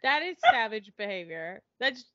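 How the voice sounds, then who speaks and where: A woman co-hosting a podcast, chatting in a relaxed way with short agreeing replies. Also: medium pitch, normal speed. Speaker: podcast co-host. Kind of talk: casual chat. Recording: dull lo-fi audio.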